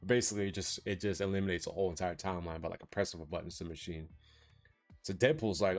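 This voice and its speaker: A man's voice: low-pitched, quick pace, faint music behind. A man casually recapping a movie plot for a review vlog, rambling with lots of fillers. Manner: rambling, filler-heavy, laughs while retelling.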